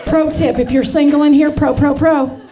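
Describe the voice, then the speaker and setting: On a comedy stage before a live crowd, a brassy, chatty woman in her forties does stand-up, calling people honey and y'all as laughter rolls in. Her high voice keeps a fairly even intonation at a moderate pace over a noisy background.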